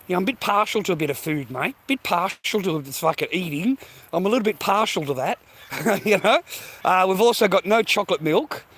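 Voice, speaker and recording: Walking outdoors, a man with an Australian accent vlogs a casual rant, rambling, profane and slangy, sounding a bit out of breath. His voice sits high, with a fairly bright tone, and he speaks briskly and with animation.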